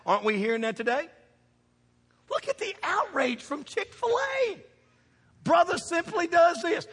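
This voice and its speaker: A man preaching a sermon, folksy and conversational, swinging from quiet asides to shouted points. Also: extremely high pitch, sing-song, moderate pace, gravelly, slightly rough. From American farm country. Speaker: pastor. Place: church sanctuary. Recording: reverberant hall.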